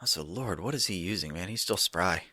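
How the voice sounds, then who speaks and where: A man's voice: low-pitched, a little fast, breathy edge, no room sound. A man co-hosting a film podcast, chatting casually and riffing on jokes. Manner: jokey, animated riffing. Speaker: podcast co-host. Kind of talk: casual chat.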